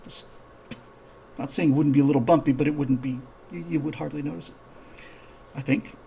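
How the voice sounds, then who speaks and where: A man's voice: a little high, fairly even intonation, a little fast, gravelly, warm tone, a little hiss or hum, poor audio. A man hosting a live-streamed show, telling a story in a casual, rambling way, with many restarts, and acting out the characters' dialogue. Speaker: show host.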